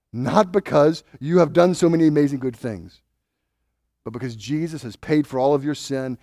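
A man preaching a sermon, swinging between loud bold declarations and hushed, intimate asides. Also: medium pitch, no echo, studio quality. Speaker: pastor.

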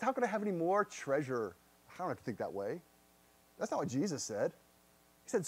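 A man preaching a sermon in church, his voice pitched high for a man. He speaks earnestly, often repeating words as he presses searching questions on his congregation. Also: very animated, brisk, a little mellow, slightly rough. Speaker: pastor.

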